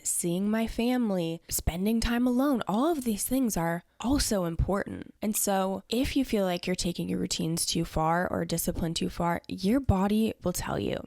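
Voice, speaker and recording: Chatty young woman with vocal fry. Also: medium pitch, darkish tone, no echo, studio quality. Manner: chatty, earnest, peppered with "like" and "you know". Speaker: podcast host. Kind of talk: casual solo Q&A chat.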